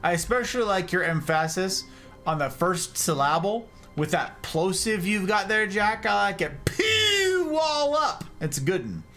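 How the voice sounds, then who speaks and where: A playful male streamer bantering with his chat in a loose, teasing way. His voice sits a little high and swings around in pitch, with faint game music underneath. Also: expressive, normal speed, a bit bright. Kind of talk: casual live-stream commentary reading chat.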